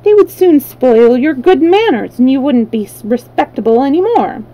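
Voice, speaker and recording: A woman's voice: high-pitched, lively intonation, normal speed, dull audio. A woman voicing a kind, well-mannered little girl who scolds her friend primly. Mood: reproving. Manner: prim, reproving.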